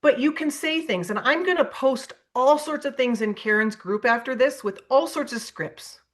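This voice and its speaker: Acting out sample invitation messages to prospects, a woman gives an animated motivational keynote on sales psychology over a video call. Her voice is high-pitched, at a moderate pace.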